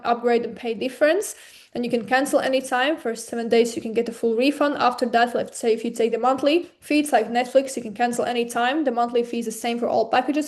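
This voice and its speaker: A woman presenter with a non-native accent, pitching packages in an eager, persuasive way over a webinar. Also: a little mellow. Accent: non-native English. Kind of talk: sales pitch.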